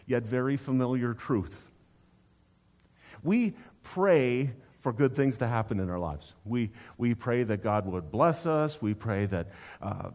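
A man's voice: mid-range voice, darkish tone. Conversational male preacher. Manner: conversational, rhetorical questions. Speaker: pastor. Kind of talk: sermon.

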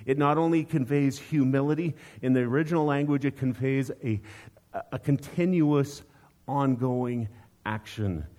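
A man's voice: mid-range voice, measured pace, darkish tone. Conversational male preacher. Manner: conversational, rhetorical questions. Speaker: pastor. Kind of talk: sermon.

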